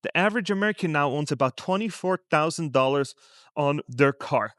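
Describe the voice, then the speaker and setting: A man's voice: fairly high pitch, animated, fairly quick, a bit bright, no room sound. Man talking money, dry close sound. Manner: conversational, full of rhetorical questions. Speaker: finance vlogger. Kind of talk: casual commentary to camera. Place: outside a store in a shopping district.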